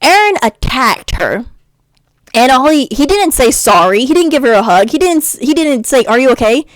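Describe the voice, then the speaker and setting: A woman's voice: high-pitched, moderate pace, no room sound. Ranting young woman vlogger. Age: young adult. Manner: animated, swearing, chatty ranting. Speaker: YouTuber. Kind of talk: casual ranting vlog.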